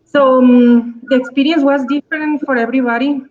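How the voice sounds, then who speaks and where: A woman's voice: high voice, fairly even intonation, brisk, a little mellow, dull audio. A woman from Colombia with a strong Spanish accent in her English, speaking as a guest dancer in a live online talk, hesitant with many restarts.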